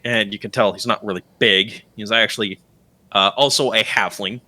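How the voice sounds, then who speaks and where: Bright-voiced man running a game. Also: medium pitch, normal speed. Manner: casual, rambling, full of fillers. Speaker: dungeon master. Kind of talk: narrating a tabletop game.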